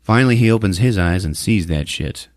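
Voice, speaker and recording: A man hosting a podcast, recapping a film in a jokey, animated storytelling manner. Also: fairly low pitch, a little fast, no room sound, clean studio sound. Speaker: podcast host. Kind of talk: casual movie recap.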